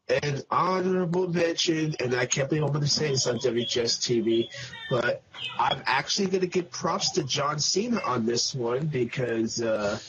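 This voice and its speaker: A man's voice: medium pitch, fairly bright tone, muffled recording, slight background noise. A man from the Bay Area giving brash, ranting opinions in a casual review chat and swearing freely. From San Francisco Bay Area. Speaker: guest panelist.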